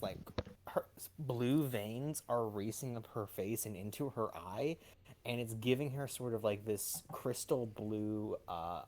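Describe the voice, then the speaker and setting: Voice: mid-range voice, darkish tone. A game master narrating a tabletop game scene, hesitant and full of fillers.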